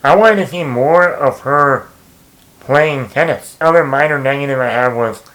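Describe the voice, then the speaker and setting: A man's voice: medium pitch, normal speed, rough recording. Rambling young man reviewing a movie. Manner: rambling, repeats and restarts words, animated asides. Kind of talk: casual spoken movie review.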